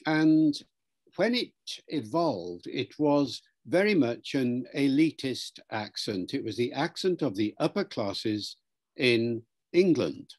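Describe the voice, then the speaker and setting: Measured man explaining like a lecturer. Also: mid-range voice, animated, darkish tone. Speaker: interviewed language expert. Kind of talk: explanatory interview answer.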